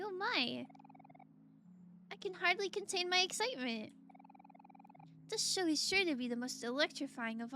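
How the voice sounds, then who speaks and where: A woman voicing an excited, fussy theatergoer in a game who gushes in old-fashioned formal phrases. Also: high voice, slight background noise, heavily acted.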